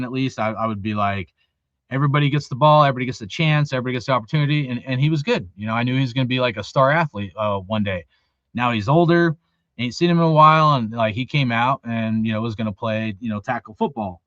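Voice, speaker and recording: A man's voice: medium pitch, fairly bright tone, dry recording, lo-fi sound. A middle-aged man ranting in a heated, profane monologue about youth football, peppering it with "dude" and "bro.". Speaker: youth football volunteer coach, show host.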